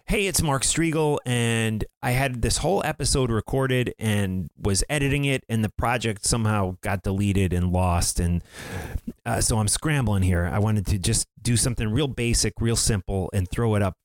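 A man hosting a podcast, chatting casually and quietly at home, rambling and restarting his sentences. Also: lowish voice, normal speed, no echo, clean studio sound. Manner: rambling, self-interrupting. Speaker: podcast host. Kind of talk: casual chat.

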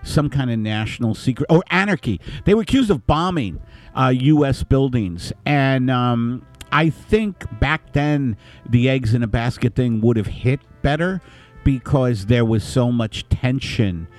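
A man's voice: mid-range voice, measured pace, faint music behind. A man in casual comedic chat, rambling and riffing into silly bits.

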